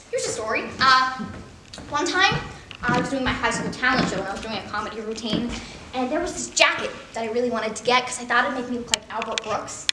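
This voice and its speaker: A sardonic, washed-up male horse star, played by a woman gives a darkly funny eulogy in a high, bright voice that swoops all over the place. His self-deprecating jokes ring out in a roomy, echoing space. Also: slight background noise. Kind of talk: stage monologue, eulogy. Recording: roomy echo.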